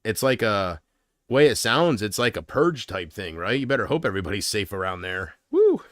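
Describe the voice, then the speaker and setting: A man's voice: on the low side, animated, a little fast, fairly bright tone, no echo, clean studio sound. A man hosting his own livestream, rambling casually and joking, often laughing at his own jokes. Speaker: livestream host.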